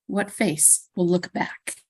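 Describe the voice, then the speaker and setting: A woman voicing the eerie, mournful voices of lost souls speaking inside the mind, slow and hushed. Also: lowish voice, a little hiss or hum.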